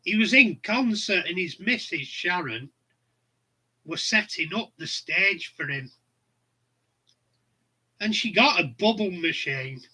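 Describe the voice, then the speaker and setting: A middle-aged man rambles through stories in blunt, casual chat. He talks unhurriedly in a bright, edgy voice that sits a little high for a man. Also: expressive, slow pace, pauses often, slightly rough, poor audio. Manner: rambling, blunt, laughs at his own stories. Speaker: channel host.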